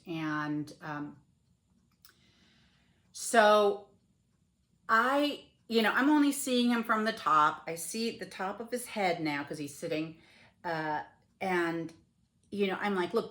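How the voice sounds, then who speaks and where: A middle-aged woman telling a story casually to her viewers, laughing often and rising to near-yells when she quotes herself. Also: medium pitch. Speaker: flosstube host. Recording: echoey room.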